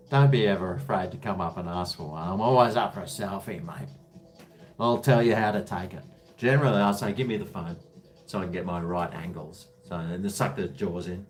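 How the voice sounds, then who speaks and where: A man hosts a casual live stream. He talks in a lowish voice and keeps it light, jokey and chatty, calling viewers mate. Faint music plays behind him. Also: moderate pace.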